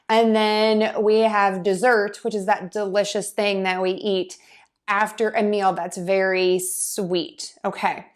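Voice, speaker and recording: A woman pronunciation teacher giving a casual lesson, explaining patiently and methodically with frequent pauses and fillers. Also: mid-range voice.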